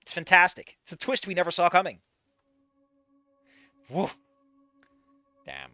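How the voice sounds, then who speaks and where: A fairly high-voiced man reads a fan story aloud and keeps stopping to react. His commentary is animated, crude and full of mock outrage. The sound is dry and close, with soft music in the background. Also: unhurried, no echo. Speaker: story reader.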